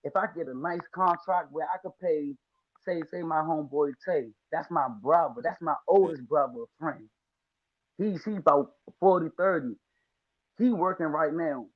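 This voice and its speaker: A man's voice: fairly high pitch, normal speed, narrow, tinny audio. A man from the Washington, D.C. area, a lawn care business owner telling his story as a podcast guest, casual and slangy, acting out quotes.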